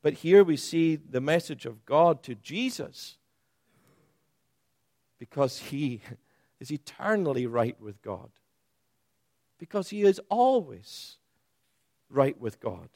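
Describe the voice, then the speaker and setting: A man preaches slowly and deliberately, his voice a little higher than most men's. He leans into key words, then falls quiet and low. The sound is dry and close. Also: very animated, dry recording. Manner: emphatic, rising for stress and dropping low and soft. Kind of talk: sermon.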